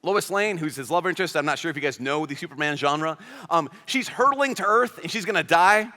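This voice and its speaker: A man's voice: a little high, expressive, a little fast, bright, forceful tone. A man preaching a homily at a youth conference, telling stories animatedly and acting out the characters he quotes. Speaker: priest. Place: large conference hall. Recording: reverberant large hall.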